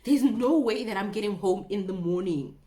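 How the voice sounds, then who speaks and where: A woman in her twenties telling a casual storytime vlog, animated and dramatic. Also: medium pitch, moderate pace. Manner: animated, dramatic, mixes in Setswana phrases. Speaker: vlogger.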